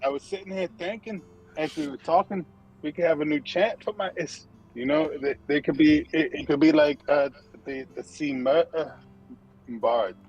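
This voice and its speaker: Male tabletop player, slightly higher voice, joking and halting. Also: a little mellow, low-quality recording. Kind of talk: casual chat at a tabletop game.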